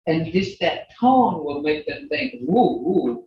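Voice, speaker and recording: Older woman, language teacher, slow and patient, lively pitch, roomy lo-fi call audio. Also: recorded from a distance, a little hiss or hum. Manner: patient, repeats words slowly for learners. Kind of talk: online language class. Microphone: video call.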